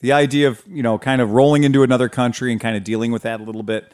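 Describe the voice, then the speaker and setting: A man hosting a casual podcast, telling an animated road-trip story, swearing freely and acting out the people in it. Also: mid-range voice, rapid-fire. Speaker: podcast host. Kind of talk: casual chat.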